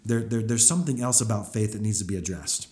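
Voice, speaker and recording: Low-voiced male preacher in an echoey room. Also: fast, warm tone. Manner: conversational, with frequent restarts and acted-out quotes. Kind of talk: sermon. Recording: roomy echo.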